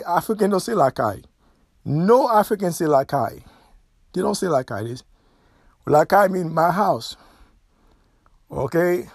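A middle-aged man with a Haitian accent talks through a solo podcast monologue, pressing each point and circling back to repeat it. His voice sits somewhat high for a man. The sound is dry and close, with no room around it. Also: no room sound. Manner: emphatic, repeats points, nonstandard grammar. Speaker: podcast host.

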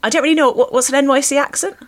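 A woman hosting a podcast in casual chat, self-deprecating and quick to laugh. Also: sits high, fairly even intonation. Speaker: podcast host.

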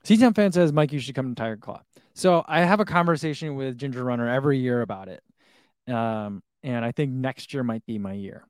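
A man in his thirties talks in a loose, rambling way on a live stream, reading viewer comments aloud and chuckling often. His voice sits at an ordinary middle pitch. The sound is dry and close, with no room around it. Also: a little fast, a little mellow, clear, resonant tone, no echo. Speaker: running shoe vlogger reading live chat. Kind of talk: casual live-stream chat.

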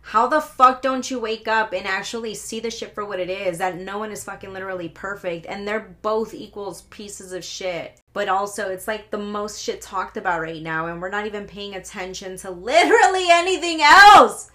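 A woman's voice: medium pitch, steady tone, normal speed, hardly any pauses, fairly bright tone. A young woman talks alone into her podcast mic in a heated, rambling rant. She swears freely, circles back on her points and pushes hard on what riles her. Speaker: podcast host.

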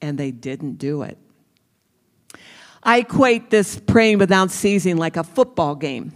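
A preacher delivering a sermon at an unhurried pace, leaning on key words and repeating them for emphasis. The voice calls out to the listeners directly. It rings with a long hall reverb. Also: medium pitch, animated.

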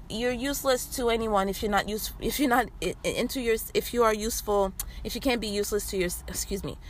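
A woman's voice: on the high side, a little hiss or hum. A woman hosting a podcast, talking casually in a rambling way with many fillers and restarts. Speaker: podcast host. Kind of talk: casual health talk.

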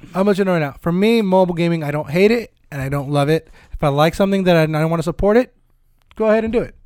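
A man's voice: high voice, very fast, darkish tone, clean tone, no echo. A man co-hosting a casual podcast, rambling and repeating himself, laughing often, in a soundproof studio. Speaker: podcast co-host. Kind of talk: casual group chat.

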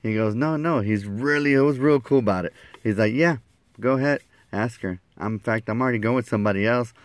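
A man telling a personal story in a lively way, acting out the quoted lines and laughing at himself. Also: mid-range voice, fast, no room sound.

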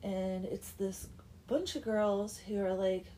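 A young woman retells an old folk tale in a chatty, wry way, often dropping into a whisper for asides. Her voice is warm and mellow, with a faint hiss of noise behind. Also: medium pitch, fairly even intonation, slow. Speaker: storyteller. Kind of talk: casual comic story retelling.

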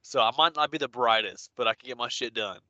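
A man's voice: medium pitch, fast, sharp tone, no echo, dull audio. A man co-hosting a podcast in casual chat, blunt and joking, with some swearing. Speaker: podcast co-host.

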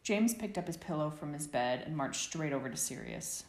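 Low-voiced woman reading a story. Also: animated, moderate pace. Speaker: audiobook narrator. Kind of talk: fan fiction reading. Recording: echoey room.

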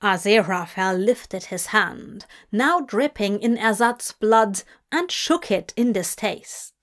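A woman reading fanfiction aloud as an audiobook, telling the story slowly and deliberately. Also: medium pitch, animated, fairly bright tone. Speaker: audiobook reader.

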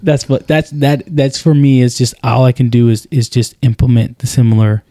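A man in his thirties, a podcast co-host in casual chat, telling animated stories and acting out what he says. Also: medium pitch, normal speed, no room sound. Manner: animated storyteller, acts out quotes.

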